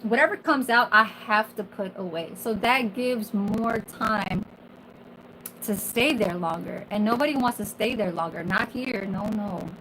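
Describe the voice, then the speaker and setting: A woman in her forties who works in a kitchen vents in a candid, profane, rambling monologue packed with fillers and swearing. Her voice is medium-pitched, a little slow and a bit bright, and the poor audio carries slight background noise.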